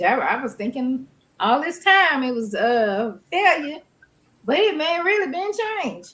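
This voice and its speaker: A woman's voice: high voice, poor audio. A woman from Louisiana with a Southern American accent, co-hosting a podcast in casual chat and laughing often. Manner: laughs often, drawn-out animated delivery. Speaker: podcast co-host.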